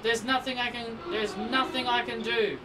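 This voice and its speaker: A man's voice: extremely high pitch, fairly even intonation, normal speed. A man commenting on his own game as he plays, exasperated and repeating himself, pleading with and scolding the game. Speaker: let's play gamer. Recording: distant mic with faint background noise.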